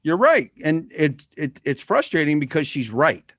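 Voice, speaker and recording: A man's voice: fairly high pitch, moderate pace, fairly bright tone, no echo, studio quality. A middle-aged man talking as a podcast guest, blunt and earnest, and he swears freely. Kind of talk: candid conversation.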